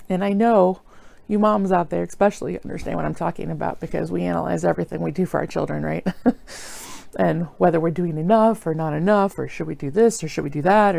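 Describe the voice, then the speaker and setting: A woman's voice: lowish voice, gravelly, warm tone, dry recording. A middle-aged woman talking earnestly and apologetically in a rambling personal video diary, full of fillers. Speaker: vlogger.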